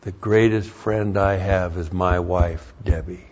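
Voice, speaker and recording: A man's voice: low-pitched, steady tone, slow, a little mellow, breathy edge. An older man preaching a sermon as a pastor, moving between folksy storytelling and emphatic preaching. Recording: dull lo-fi sermon recording.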